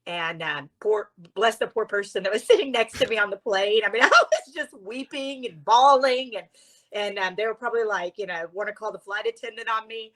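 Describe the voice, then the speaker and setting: Expressive, earnest woman telling her story. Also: medium pitch, moderate pace, rough recording. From Louisiana. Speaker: guest, author and speaker. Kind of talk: conversational storytelling.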